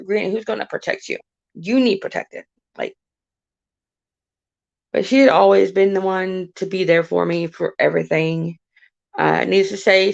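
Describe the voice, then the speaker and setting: A woman in her thirties telling stories from her childhood on a casual livestream, talking in halting bursts with many restarts and repeated phrases. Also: lowish voice, gravelly, highs cut off. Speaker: live streamer.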